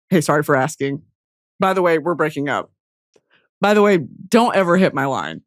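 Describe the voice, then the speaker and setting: A young woman hosting a podcast in a casual comedic monologue, profane and animated, jumping from loud outbursts to low mutters. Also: moderate pace. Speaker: podcast host.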